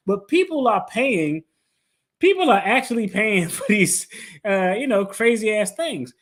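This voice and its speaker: Animated storytelling man, high voice. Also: normal speed. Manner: animated, playful, acts out his own quotes. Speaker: attorney and finance video host. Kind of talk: casual storytelling monologue.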